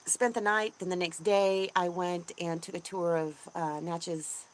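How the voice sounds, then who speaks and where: A woman with a somewhat low voice hosts a relaxed live chat, rambling along with plenty of ums and restarts. Her voice bounces up brightly whenever she greets viewers, and crickets and insects chirp faintly behind her. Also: a little slow, background noise. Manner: bubbly, voice jumps up when greeting viewers. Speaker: homesteading channel host. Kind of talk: casual livestream chat, reading viewer comments.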